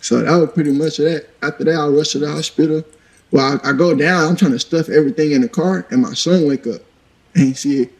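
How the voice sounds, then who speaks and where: A man's voice: fairly high pitch, a little fast, poor audio. A man telling a violent story as an interview guest, in a blunt, profane, matter-of-fact way.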